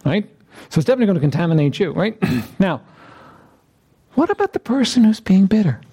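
A man's voice: high-pitched, big pitch swings, a little fast, warm tone, slightly rough. A man preaching an interactive sermon, repeatedly questioning his listeners with emphasis.

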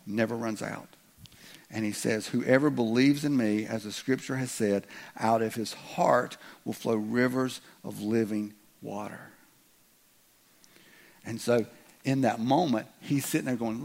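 A man preaching a sermon in a conversational way, with joking asides and loud acted outbursts. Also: lowish voice, fairly even intonation, moderate pace, vocal fry. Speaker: pastor.

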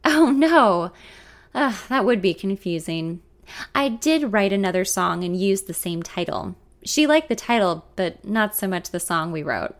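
A woman voicing a charming, smooth-talking male songwriter who sweet-talks with pet names in a story reading. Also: medium pitch, animated, unhurried. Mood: breezy. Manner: coaxing, sweet-talking, calls her honey and darling.

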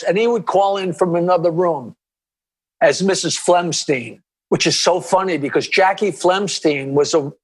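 A male comedian talks as an interview guest, spinning long stories with restarts and asides. His voice sits high for a man. He keeps an animated, tumbling storytelling flow. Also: husky.

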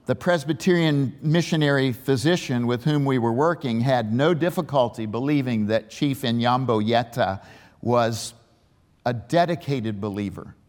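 A man's voice: mid-range voice, moderate pace, darkish tone. A male pastor, preaching a sermon and telling a story, with emphatic questions to the congregation. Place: large church sanctuary. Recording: reverberant church hall.

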